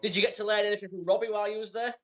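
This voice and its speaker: Male co-host, notably high voice, eager questioner, muffled audio. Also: steady tone, racing, fairly bright tone. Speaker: podcast co-host. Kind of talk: casual interview chat.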